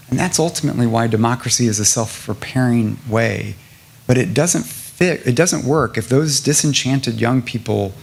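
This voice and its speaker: Earnest gravelly-voiced middle-aged man. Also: mid-range voice. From South Carolina, US. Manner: earnest, building to emphatic lists. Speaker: guest speaker at a public lecture. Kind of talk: lecture Q&A answer.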